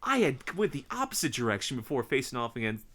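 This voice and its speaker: A man co-hosting a casual podcast, with a voice of ordinary pitch for a man. He tells long, excited stories and peppers them with swearing. His talk rambles, full of fillers and restarts. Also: fast talker. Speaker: podcast co-host. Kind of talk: casual chat.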